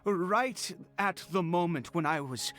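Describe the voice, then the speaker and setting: A woman voicing a formal, halting older father, reading his game dialogue aloud. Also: on the low side, lively intonation, a bit bright, soft background music, voice pushed down. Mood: solemn. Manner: formal, halting old-fashioned speech. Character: grieving noble father, older man.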